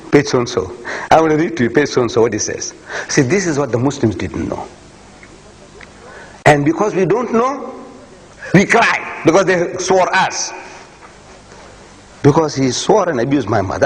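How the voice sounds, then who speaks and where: A man giving an impassioned public lecture, emphatic and repeating phrases for force. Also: a little high. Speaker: speaker. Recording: echoey hall, faint ambience.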